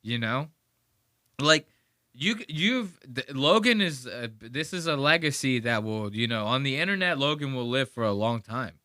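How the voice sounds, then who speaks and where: A male podcast host ranting in a casual, profane, animated way, full of "like". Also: medium pitch, normal speed, no echo, clean studio sound. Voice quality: animated, profane, heavy use of "like".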